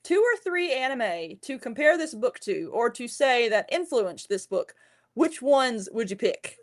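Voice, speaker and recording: A woman hosting a podcast, talking in a chatty, easygoing way with a fairly high voice. She answers her guest with short murmurs and laughs, and speaks straight to her listeners when she announces things. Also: very animated, measured pace. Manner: friendly, chatty, gives frequent short backchannel replies. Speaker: podcast host. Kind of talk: casual interview chat.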